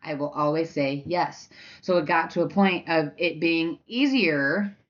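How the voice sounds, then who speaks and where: A woman's voice: sits low, measured pace, muffled recording. Candid young woman telling her story. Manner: candid and conversational, full of fillers, acts out past arguments with loud bursts. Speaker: podcast host. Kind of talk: personal storytelling monologue.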